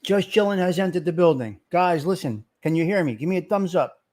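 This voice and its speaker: A man hosting a casual livestream, talking loud, profane and fired-up. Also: high voice, animated, fairly quick. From Italian-American. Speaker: livestream host.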